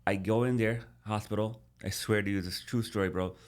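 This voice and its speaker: A man in his thirties speaks as a podcast guest, with a fairly low voice. He tells his story casually and animatedly, repeating words and restarting often. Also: fairly even intonation, quick pace.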